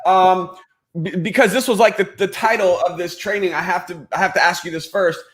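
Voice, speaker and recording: A man's voice: sits high, steady tone, fairly quick, a bit bright. A man hosting a live stream, talking enthusiastically as a network marketing coach giving motivational advice.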